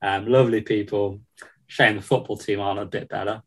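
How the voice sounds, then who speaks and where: A man's voice: on the low side, steady tone, a little fast, a bit bright, rough recording. A man chatting casually about football on a podcast, with many ums and restarts and frequent laughs. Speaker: football reporter.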